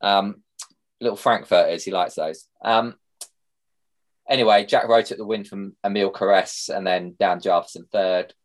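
A young man co-hosts a relaxed chat, his voice sitting low and steady. He rambles through stories with the easy pace of casual conversation. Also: moderate pace. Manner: chatty, rambling with fillers. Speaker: podcast co-host.

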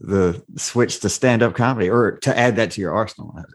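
Easygoing man hosting a podcast. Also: on the low side. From Arkansas. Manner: easygoing, laughs along, halting with fillers. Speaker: podcast host. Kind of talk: casual interview chat.

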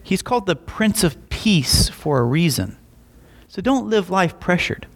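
A young adult man preaching a sermon, telling stories with lively voiced asides. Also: sits high, a little slow, vocal fry. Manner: animated storytelling with voiced asides. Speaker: pastor.

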